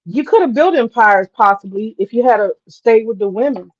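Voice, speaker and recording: A woman talking casually on a livestream, drawling and animated as she tells a story, with asides to herself. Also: on the high side, moderate pace, muffled recording. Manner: animated, drawling, swears casually, mutters to herself while cooking. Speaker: host.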